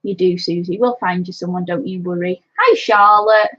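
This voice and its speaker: A woman's voice: lowish voice, moderate pace, a bit bright, no room sound. Woman, chatty live-stream host, greets viewers by name, dry dull lo-fi sound. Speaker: livestream colouring host. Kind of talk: casual live-stream chat while colouring. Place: home. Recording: dull, lo-fi home stream audio.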